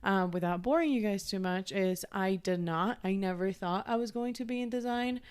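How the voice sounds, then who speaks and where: A woman from Ecuador in her thirties hosting a casual podcast chat, upbeat and talkative with quick asides. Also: mid-range voice, darkish tone, smooth. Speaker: host.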